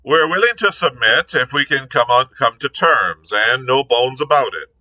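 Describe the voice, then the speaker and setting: A man voicing a scheming old one-legged pirate who talks loud, hearty and wheedling. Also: mid-range voice, lively intonation, normal speed, pitched above the performer's own voice, rough recording.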